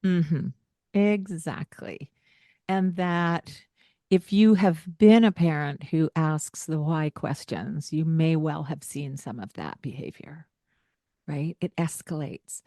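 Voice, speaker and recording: A woman's voice: deep voice, slow pace, warm tone, dry recording, clean studio sound. A woman co-hosting a parenting podcast, talking earnestly and explaining things, with light laughs along the way. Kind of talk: casual podcast chat.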